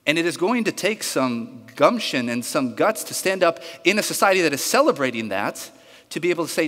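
A male pastor preaching a sermon, telling a story in an animated way and acting out the voices of its characters. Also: fairly high pitch, brisk. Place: church sanctuary. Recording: reverberant church hall.

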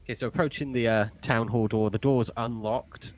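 A man's voice: mid-range voice, steady tone, moderate pace. A man narrating as game master in a loose style, full of fillers.

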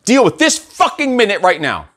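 A man's voice: sits high, wildly swooping pitch, normal speed, a bit bright. A man hosting a motivational show, delivering a profane, intense monologue with many repeated exhortations. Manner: intense, swearing, repetitive exhortations. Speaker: host and coach.

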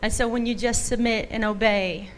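A woman's voice: a little high, fairly even intonation, normal speed, low-quality recording. A woman giving an earnest church testimony, speaking in exhortative, scriptural phrasing.

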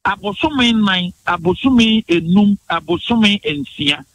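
A man's voice: sits high, animated, fairly bright tone, no room sound, dull audio. A man from Ghana's Bono region with a Ghanaian accent, a guest on a radio morning show, arguing politics emphatically and mixing in English phrases. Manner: emphatic, rapid-fire, mixes in English phrases. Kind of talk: heated political argument on radio.

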